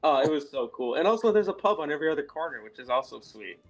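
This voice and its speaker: A man's voice: on the high side, sing-song, quick pace, soft background music. An American man from Massachusetts, a guest in a casual interview, chatting in a friendly, rambling way. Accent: American English. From Massachusetts, USA. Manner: friendly, rambling with fillers and laughs.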